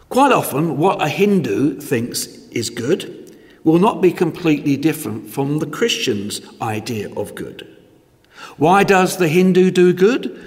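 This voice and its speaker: A male preacher with a fairly high voice delivers a sermon at a slow, deliberate pace. He leans on emphatic rhetorical questions. His voice rings out with a long church-hall reverb.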